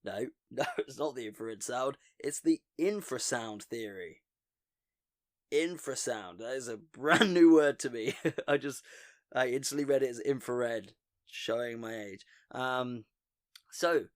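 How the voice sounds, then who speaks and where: Man, podcast host, mid-pitched voice, casual joking storytelling, swears now and then. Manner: joking, chatty, laughs often, swears.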